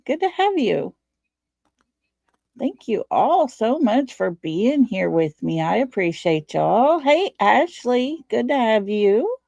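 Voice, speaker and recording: Slow, gravelly Texan woman hosting a livestream. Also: a little high, big pitch swings, dark tone, no echo. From Texas. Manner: folksy, greets chat viewers by name. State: tired, low on energy. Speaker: livestream host. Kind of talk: casual live-stream chat.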